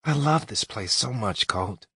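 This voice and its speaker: A man voicing a young woman in an audiobook, speaking softly and pleadingly with his voice pitched up. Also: expressive, a little slow, slightly rough, dry recording, full character voice. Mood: wistful. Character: young woman, wistful and affectionate.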